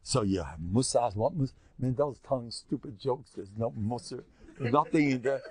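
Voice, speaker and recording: A man's voice: medium pitch, fairly quick. An older man, a rabbi giving a rambling, joking religious lecture and teasing his listeners.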